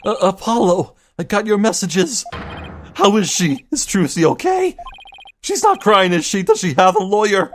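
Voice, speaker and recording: A voice actor playing an excitable young woman lawyer, talking high and loud in an amateur video game voice-over. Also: measured pace, a little hiss or hum, close to an everyday voice. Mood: worried. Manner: high, energetic and exclamatory.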